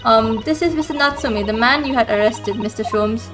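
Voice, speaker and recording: A man's voice: extremely high pitch, moderate pace, over music. Woman reading as a wry young lawyer.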